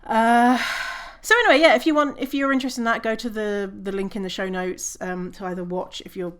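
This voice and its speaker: A woman's voice: mid-range voice, little pitch movement, fairly quick, clean tone. A woman hosting her own podcast, talking casually on her own, swearing and laughing at herself. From British Columbia, Canada. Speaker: podcast host. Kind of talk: casual solo podcast talk.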